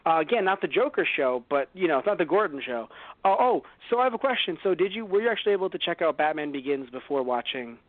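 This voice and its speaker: A man co-hosting a casual movie review podcast, rambling and joking, slipping into quick impressions. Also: fairly high pitch, sing-song, no echo. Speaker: podcast co-host. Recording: phone-like lo-fi dry sound.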